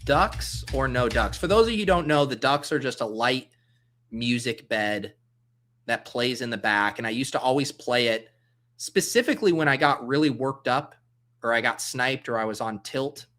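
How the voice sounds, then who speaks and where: A man talks casually on a livestream, thinking out loud and tossing in jokes as he goes. His voice is bright and forward, at an ordinary middle pitch. He keeps up an easygoing, rambling chat with his viewers. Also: moderate pace. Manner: thinks aloud, reads chat comments, loose and joking. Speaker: livestream host drafting fantasy football.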